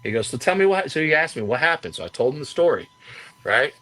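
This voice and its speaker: A man who works as a wrestling commentator, telling a story as an interview guest in casual talk, acting out the quotes of others with a raised voice. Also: quick pace. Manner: animated storyteller, acts out quotes with raised pitch.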